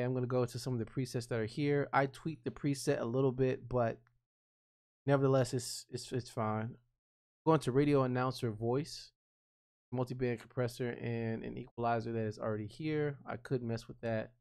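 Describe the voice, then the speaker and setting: Man with a smooth, clear voice. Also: medium pitch. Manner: thinks aloud, narrating each click step by step; relaxed and conversational, with frequent restarts. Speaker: freelance video editor explaining his workflow. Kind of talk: casual screen-recorded tutorial.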